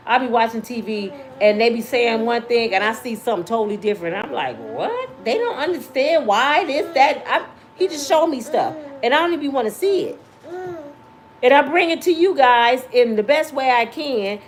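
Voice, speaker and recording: A woman in her fifties hosting her own vlog, talking straight to her viewers in a passionate, preachy way and sometimes yelling. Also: on the high side, animated, moderate pace. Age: 50s. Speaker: vlog host. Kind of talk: casual talk to viewers.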